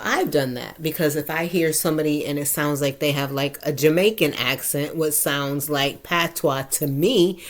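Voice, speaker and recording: A middle-aged woman talks through an idea in her own casual monologue. Her voice sits low. She explains at length and often pauses to ask if the listener gets it. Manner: chatty, lecture-like, asks listener if they follow. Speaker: host.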